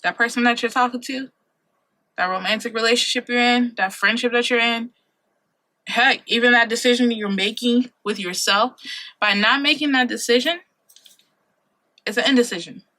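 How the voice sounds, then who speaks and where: Bright, emphatic young woman vlogger. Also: on the high side, moderate pace, pauses often. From Ohio, USA. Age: late 20s. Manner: earnest, emphatic, repeats key points, slangy asides. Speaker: vlogger giving life advice. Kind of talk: casual advice vlog. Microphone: compact camera mic.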